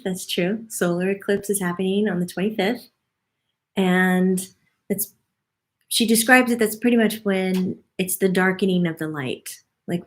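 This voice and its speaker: Chatty woman relaying a spirit guide's forecast. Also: fairly low pitch. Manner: chatty, laughs often, relays what the guide says. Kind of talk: casual spoken monthly forecast.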